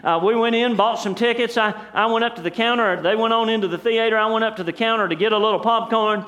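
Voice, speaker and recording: A man's voice: high voice, fast talker, a bit bright. A middle-aged man preaching a sermon as pastor, in a folksy storytelling way with rhetorical asides to the congregation.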